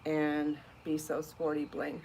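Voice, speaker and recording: A woman's voice: low-pitched, completely flat delivery, slow, gravelly, a little mellow. Woman host, home live stream: chatty, upbeat, encouraging, laughs easily, faint hiss behind her. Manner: chatty, encouraging, laughs often, answers viewer comments. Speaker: podcast host and crochet designer. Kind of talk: casual live-stream chat.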